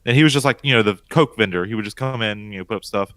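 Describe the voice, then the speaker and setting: A man in his thirties from North Carolina, co-hosting a casual geek podcast and telling stories with frequent cursing and high-pitched bursts. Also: very fast, no echo. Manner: lively and profane, bursting into high-pitched exclamations. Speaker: podcast co-host. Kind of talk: casual chat.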